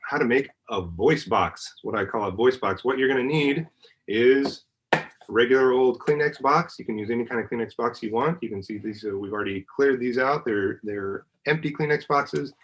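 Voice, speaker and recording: A man's voice: medium pitch, moderate pace, a bit bright, rough recording. A man, a university professor, patiently walking children through a hands-on science demonstration at home, singing notes and making vocal sounds to show how they work. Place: family home.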